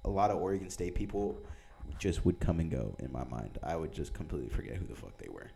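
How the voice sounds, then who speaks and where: A young man in his twenties telling a wild party story in casual chat, animated and laughing, acting out the people in it. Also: extremely low pitch, fast talker, creaky. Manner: animated, laughing, acts out voices in quotes.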